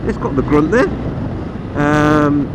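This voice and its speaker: Male moto vlogger, slightly high voice, easygoing and self-deprecating, recorded mid-ride through heavy wind noise. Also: animated, takes it slowly. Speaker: motorcycle vlogger reviewing a bike. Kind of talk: casual ride-along review. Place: riding a motorcycle outdoors on roads. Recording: loud wind and engine noise.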